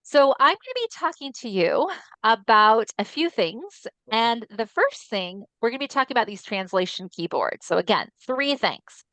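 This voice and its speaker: Fairly high and bright, this woman's voice swings widely in pitch as she presents, at a moderate pace, an educational webinar for an ALS voice nonprofit. She's friendly and explanatory, says um often, and the video call recording is dry.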